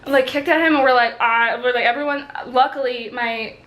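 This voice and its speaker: A woman's voice: high voice, steady tone, a little fast, a bit bright, rough recording. Chatty young woman telling a story. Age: 20s. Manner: chatty, many "like" fillers, acts out quotes. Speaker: college student vlogger. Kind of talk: casual storytelling.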